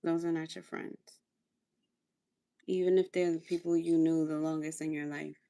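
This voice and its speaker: A woman hosting a relaxed livestream, talking while she does her skincare. Her voice sits a little low, with lots of gravelly vocal fry. She coaches her viewers and repeats her phrases for emphasis. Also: normal speed. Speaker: livestream host. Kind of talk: casual livestream chat during a skincare routine.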